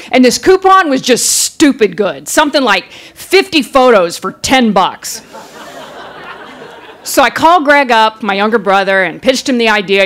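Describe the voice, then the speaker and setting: A woman telling a funny true story live on stage, her voice high and swooping wildly up and down. She acts out everyone in the tale with comic flair, close on a stage microphone. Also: a bit bright. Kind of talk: live first-person storytelling. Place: stage in front of a live audience.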